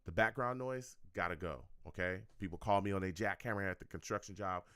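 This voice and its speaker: A low-pitched man talks fairly quickly in a pushed, bright, clean tone with no room sound. On the wrap-up of his sports fan radio call-in show, he keeps it casual and energetic, circles back over the same lines, tacks on "okay?" and "all right?", and jokes around with his chat.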